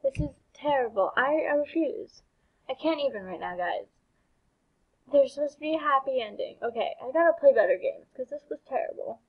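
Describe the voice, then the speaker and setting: A woman's voice: high voice, expressive, normal speed, narrow, tinny audio. A woman gaming YouTuber reading a game's story aloud, reacting with bewildered exclamations and laughs.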